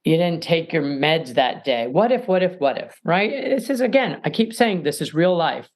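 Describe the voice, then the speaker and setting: A woman's voice: deep voice, big pitch swings, moderate pace, darkish tone. A middle-aged woman, a mediator and podcast guest, giving emphatic advice and acting out little scenes as she explains. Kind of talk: animated advice talk.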